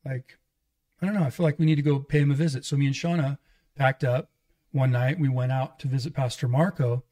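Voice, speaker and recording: A man telling his life story to an interviewer in a lively, conversational way, acting out the voices of the people he quotes. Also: mid-range voice, fairly quick. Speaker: pastor and guest. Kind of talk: conversational testimony.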